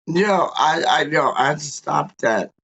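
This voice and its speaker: A man's voice: fairly high pitch, lively intonation, a little slow, creaky, sharp tone, husky, lo-fi sound. Slangy man hosting a fan stream. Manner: slang-heavy, rambling hype talk. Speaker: fan channel host. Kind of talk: casual livestream chat.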